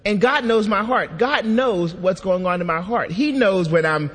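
Animated preacher man in a reverberant hall. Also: sits high, moderate pace, husky. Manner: animated, acts out quoted dialogue. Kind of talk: sermon storytelling.

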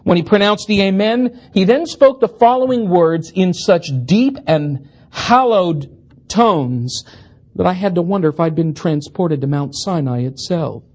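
A preacher with a husky, slightly breathy voice tells a story from the pulpit. He swings his pitch widely and lets his self-deprecating humor show throughout. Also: expressive, measured pace, darkish tone. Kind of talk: storytelling sermon.

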